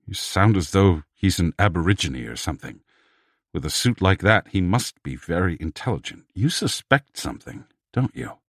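A shaken male language expert with a quavering voice, low and deep, as a male narrator reads him. His amazed lines come out close and dry, with no room around them. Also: lively intonation, moderate pace, dry recording. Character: startled middle-aged male language scholar.

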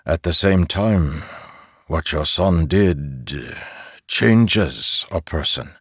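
A man voicing a calm farmer who oversees soldiers in an audiobook; the voice is kindly and soft, and he speaks slowly and reassuringly. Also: a bass voice, husky, no room sound, studio quality, heavily acted. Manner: slow, measured and reassuring. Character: calm middle-aged male farmer overseer, kindly but firm.

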